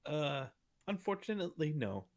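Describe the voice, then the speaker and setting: A man's voice: a little high, big pitch swings, moderate pace, a little mellow, pitched above the performer's own voice. A man voicing a formal, courteous male adventurer who speaks politely with hesitations.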